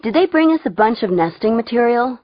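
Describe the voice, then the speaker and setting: A woman's voice: fairly high pitch, very animated, brisk, no room sound, muffled recording, pitched above the performer's own voice. A woman voicing a young, joking boy in an audiobook.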